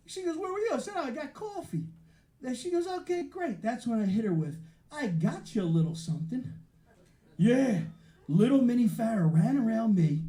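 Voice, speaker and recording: A man's voice: sits high, mellow. A man doing stand-up storytelling with a punchy delivery. He keeps tagging lines with "right?" at a live comedy show. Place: comedy show in a community arts center. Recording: echoey room, live show.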